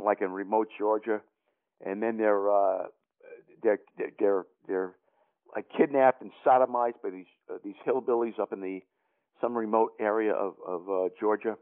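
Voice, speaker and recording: An older man with a New York accent, telling a long story as an interview guest in a rambling way full of fillers and restarts. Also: on the low side. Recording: tinny phone line.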